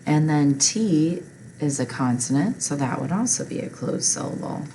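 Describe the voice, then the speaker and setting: A woman's voice: sits low, expressive, normal speed, mellow, slight background noise, low-quality recording. A woman teacher patiently walking learners through a recorded reading lesson step by step.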